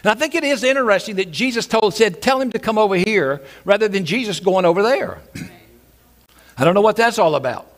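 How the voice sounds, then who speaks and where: A man preaching a Sunday sermon, his voice sitting a little high for a man. He repeats key phrases and bursts into acted shouts when he quotes. It sounds like a live church service. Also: animated, normal speed. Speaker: pastor. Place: church sanctuary.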